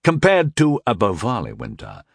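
A man voicing a dutiful knight advisor who speaks in measured, courtly, old-fashioned phrasing. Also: lowish voice, huge pitch swings, gravelly, slightly rough, dry recording, studio quality, full character voice. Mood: earnest. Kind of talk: audiobook character voice.

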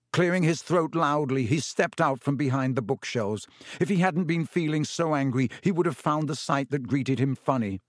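A man reading a novel aloud in an even, measured narration. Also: medium pitch, no room sound, studio quality. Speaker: audiobook narrator. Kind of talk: scripted narration.

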